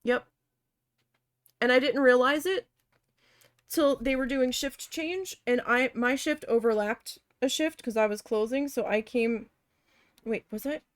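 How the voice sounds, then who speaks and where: In a high voice, a woman paints and chats casually, drifting through a long, candid, profane story about her days as a retail cashier and repeatedly correcting herself. She's unhurried with long pauses, and the recording is dry and studio quality.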